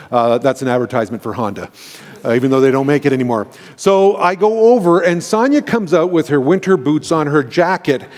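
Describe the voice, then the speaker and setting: A middle-aged male pastor telling a personal story in a sermon, animated and candid, with self-deprecating asides. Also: a little high. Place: church sanctuary. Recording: reverberant church hall.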